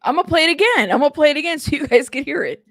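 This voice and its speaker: A woman's voice: high voice, lively intonation, fast talker, a bit bright, dry recording. A woman hosting a casual reaction commentary stream, chatty and exasperated, often laughing. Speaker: commentary channel host.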